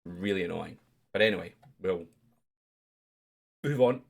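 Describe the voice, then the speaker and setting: A man's voice: sits low, a little slow, vocal fry. A Scottish man casually hosting a live-stream quiz, chatty and jokey as he reads out questions. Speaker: quiz host.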